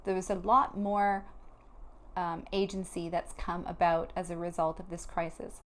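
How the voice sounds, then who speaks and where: A woman's voice: on the low side, flat delivery, unhurried. A woman giving an earnest, heartfelt motivational talk to camera, with loose phrasing and frequent restarts. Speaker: spiritual vlogger.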